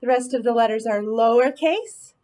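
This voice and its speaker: A woman teacher leading an early reading lesson in a slow, clear, encouraging way. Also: a little high, mellow, low-quality recording.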